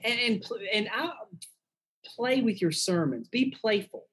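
A man's voice: high-pitched, expressive, measured pace, a bit bright, breathy edge, low-quality recording. A man, a pastor and guest, giving frank, earnest advice in a casual conversational way.

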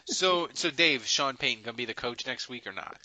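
A man hosting a casual sports podcast, animated and teasing, often laughing with his co-hosts. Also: mid-range voice, normal speed, no room sound, highs cut off. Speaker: podcast host.

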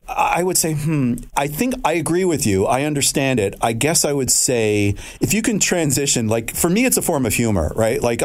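A male host with a lively, bouncing voice that rises and falls a lot. He keeps the talk loose with jokey, self-mocking banter while he leads a casual interview. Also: mid-range voice. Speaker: radio show host.

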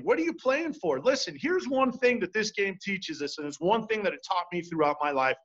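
A man's voice: sits high, animated, brisk, fairly bright tone. A man hosting sports talk, emphatic and passionate, often stumbling over restarts as he builds to heated appeals. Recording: dull lo-fi audio.

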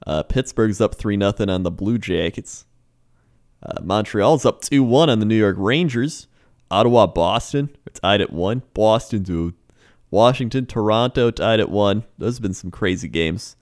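A man delivers mock weather and sports reports in a laid-back, joking podcast banter. His voice sits fairly low. His delivery stays easygoing and casual throughout. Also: animated, normal speed, darkish tone. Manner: laid-back, joking, frequent laughs and fillers.

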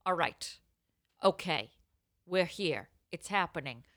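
A woman's voice: lowish voice, slow pace, a little hiss or hum. A woman co-hosting a comedy podcast, chatting playfully, laughing often and reading a listener letter aloud. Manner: animated, laughs often, jumps into silly voices. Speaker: podcast co-host.

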